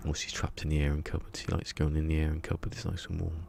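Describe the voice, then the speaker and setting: Streamer, rambling and chuckly, low voice, faint background hiss. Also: male voice, flat delivery, fast, vocal fry. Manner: rambling, chuckling, talks to himself while building. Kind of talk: casual gaming stream chat. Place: home room.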